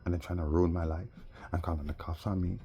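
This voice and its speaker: A man telling a rambling personal story, animated and sometimes heated. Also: low-pitched, fast. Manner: animated, rising to heated outbursts.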